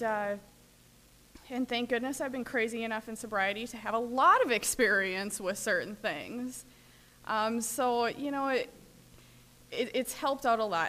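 Woman, recovery meeting share, earnest, loose and rambling, somewhat higher voice. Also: fairly bright tone, slight background noise. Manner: rambling, earnest, many fillers. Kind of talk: personal sharing talk.

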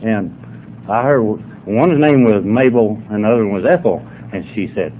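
At a sobriety meeting, an older man drawls through humorous stories like a folksy yarn-spinner, his voice lowish and his pace moderate. The sound is tinny, like a phone, with a bit of faint noise.

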